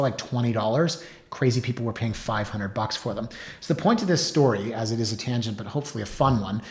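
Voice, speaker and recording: A man in his forties at an ordinary pitch, hosting his own talk show. He tells long personal stories with sarcastic asides and leans hard on key words. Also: echoey room. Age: 40s. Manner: storytelling, sarcastic asides, lively emphasis. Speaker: host. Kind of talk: casual monologue.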